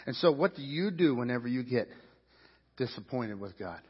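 A male pastor preaching a sermon, swinging his pitch and loudness and acting out the voices of a crowd. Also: fairly quick, slightly rough. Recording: dull lo-fi sound with long reverb in a hall.

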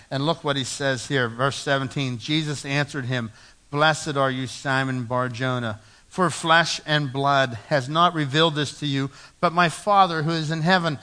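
A man preaching a sermon as pastor in a church, swinging from loud emphatic lines to low, hushed ones. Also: fairly even intonation, normal speed.

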